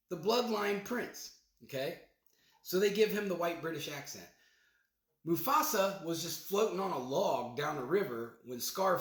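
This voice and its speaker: A man's voice: medium pitch, fairly bright tone. A man hosting his own podcast, rambling casually with loose slang and many restarts as he breaks down a movie trailer. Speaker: podcast host. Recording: echoey room.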